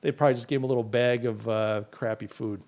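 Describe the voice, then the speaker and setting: A middle-aged man hosts a podcast in casual livestream style, rambling through his opinions and reading viewer comments aloud, opinionated and restarting often. His voice is medium-pitched and a little mellow, with a steady tone and a quick pace.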